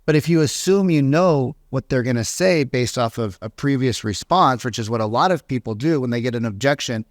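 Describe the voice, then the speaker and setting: A middle-aged man, a real estate coach, talking in an animated podcast monologue and acting out the people he quotes. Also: medium pitch, fairly quick, no echo, clean studio sound. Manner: animated storytelling, acts out quoted voices.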